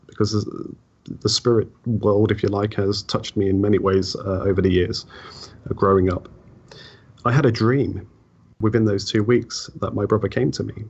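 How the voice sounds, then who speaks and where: A low, husky man in a reflective interview, his speech halting and heartfelt, circling back over words as he talks. The audio is dull and lo-fi, like a remote call. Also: darkish tone. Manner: halting, heartfelt, repeats words when emotional. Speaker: podcast guest. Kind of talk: reflective personal interview talk.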